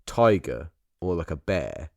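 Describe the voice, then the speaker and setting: A man's voice: low voice, sing-song, a little slow, a little mellow, no room sound, muffled recording. A male podcast co-host in loose comedy banter, his voice climbing and dropping constantly. He laughs a lot and swears freely. The sound is dry and close, with no room around it. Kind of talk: casual comedy chat.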